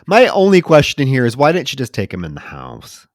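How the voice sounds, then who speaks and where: A man's voice: mid-range voice, fairly quick, dry recording. Man animatedly retelling a film, dry sound. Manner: animated retelling with loud shouted quotes of film lines. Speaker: podcast co-host. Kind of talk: casual film-review chat.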